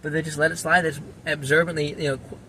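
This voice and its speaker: A man's voice: a little high, flat delivery, quick pace, bright, forceful tone, a little hiss or hum. A man ranting in a casual vlog about being let down by his volunteer fire station, rambling and restarting his sentences. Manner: frustrated, rambling with frequent restarts. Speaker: former volunteer firefighter and EMT. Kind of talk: casual personal vlog monologue.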